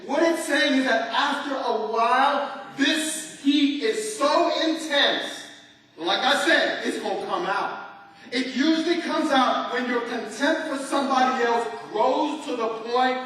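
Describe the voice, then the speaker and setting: A man preaching a sermon as pastor, animated and leading his congregation in call-and-response. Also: extremely high pitch, measured pace. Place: large church hall. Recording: echoey church hall from far off.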